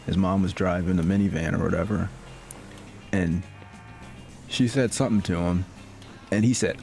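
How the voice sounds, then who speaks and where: A man's voice: sits low, fairly even intonation, moderate pace, creaky, pauses often, darkish tone, soft background music. A man streaming a game and telling stories in a loose, rambling way, full of filler words and laughs. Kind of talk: casual storytelling chat.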